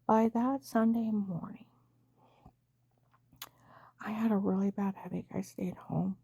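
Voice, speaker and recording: A woman's voice: medium pitch, fairly even intonation, takes it slowly, vocal fry, dark tone, breathy edge, no echo. A middle-aged woman emotionally retelling a frightening family story, acting out the dialogue of the people involved. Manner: emotional, breathless retelling with frequent quoted dialogue. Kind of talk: personal testimony.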